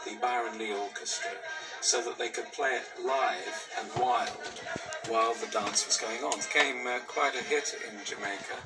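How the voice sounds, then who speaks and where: A man in an interview recounting past events in a relaxed, storytelling way. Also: mid-range voice, normal speed. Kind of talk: interview recollection. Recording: distant archive interview with music.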